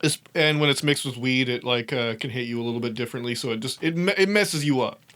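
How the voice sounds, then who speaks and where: A young man telling a story in a casual, animated way, swearing often and laughing as he talks. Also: mid-range voice, quick pace. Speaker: podcast host.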